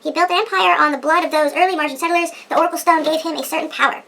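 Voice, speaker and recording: A woman voicing a young runaway heiress, reading the game dialogue quickly. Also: high voice, fairly even intonation, gravelly, sharp tone, slight background noise, voice pushed up, exaggerated voice. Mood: confiding.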